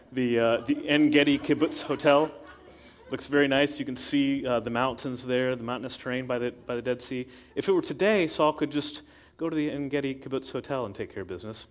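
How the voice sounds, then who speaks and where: A man preaching in a relaxed, conversational way, retelling a story and slipping into the voices of the people in it. His pitch sits in an ordinary middle range for a man. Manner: conversational storytelling with acted quotes. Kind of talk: sermon.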